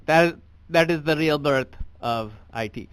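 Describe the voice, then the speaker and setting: A comedian doing a brash, crude character with a thick put-on Indian accent, pitched a little high and swearing freely. The delivery is loud and punchy, built for a comedy crowd. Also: male voice, no echo, heavily acted. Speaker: stand-up comedian. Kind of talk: stand-up comedy in a virtual club.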